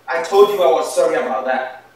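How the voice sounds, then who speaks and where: A man plays a jealous husband who swings from accusing his wife to pleading with her. His pitch moves a lot. He sounds far from the mic in a very echoey room, with faint ambient noise. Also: expressive, fairly quick, natural voice. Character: jealous, abusive husband demanding the truth. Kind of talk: indie film drama. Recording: roomy echo, voice from a distance, faint ambience.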